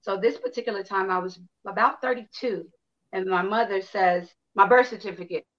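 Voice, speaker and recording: A woman in her fifties, from Chicago, tells her own story with frank, lively delivery. She acts out what people said and swears freely. Her pitch sits in an ordinary middle range, and the recording sounds a little dull and lo-fi. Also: moderate pace. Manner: candid, animated storytelling with acted-out quotes and swearing. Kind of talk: personal storytelling to an audience.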